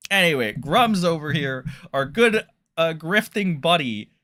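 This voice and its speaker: Man, streamer, rambling profane rant, bright sharp voice, sarcastic. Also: fairly high pitch, lively intonation, measured pace. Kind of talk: livestream rant.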